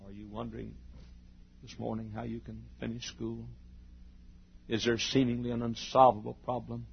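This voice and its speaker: A gravelly, husky-voiced middle-aged man preaching with fierce intensity. He swings between booming declarations and hushed, confiding stretches. The recording is dull and lo-fi. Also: flat delivery, normal speed. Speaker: pastor. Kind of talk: sermon.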